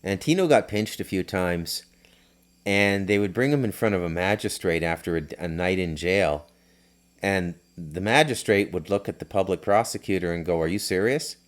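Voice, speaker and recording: A man's voice: low voice, moderate pace. A middle-aged man hosting a podcast, telling loose, rambling stories with lots of fillers and restarts. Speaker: podcast host. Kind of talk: casual storytelling.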